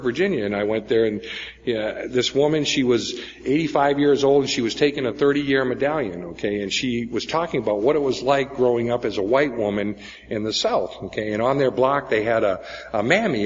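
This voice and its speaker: Recovery-meeting speaker: man in his forties, mid-pitched, storytelling with "okay?" tags. Echoey hall, dull lo-fi recording. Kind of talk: personal recovery story talk. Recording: echoey hall, dull lo-fi sound, faint noise.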